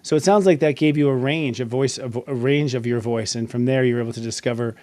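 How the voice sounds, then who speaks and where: A man's voice: mid-range voice, fast talker, a little mellow, no echo. A man hosting an interview, thoughtful and affirming, who often uses fillers. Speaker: astrologer and show host. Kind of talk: interview chat.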